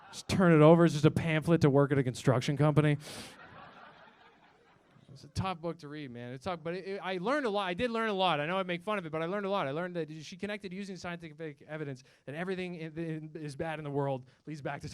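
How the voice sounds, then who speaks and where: Young guy doing standup, kinda high clear voice, self-deprecating, swears a lot. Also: fast. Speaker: stand-up comedian. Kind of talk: stand-up set. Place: comedy club stage.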